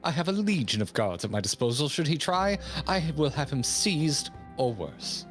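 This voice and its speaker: A haughty, wealthy woman collector, voiced by a man reading game lines. She talks down to everyone in an imperious, theatrical way, with a lively, swooping tone. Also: on the high side, moderate pace, soft background music, voice pushed up. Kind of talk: streamer reading game dialogue aloud.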